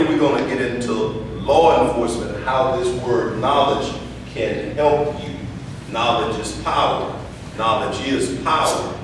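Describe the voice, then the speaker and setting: A man gives a motivational talk to students. He repeats his key phrases and leads the room in call-and-response. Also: mid-range voice. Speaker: speaker teaching young people. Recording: echoey hall from far off, faint hiss.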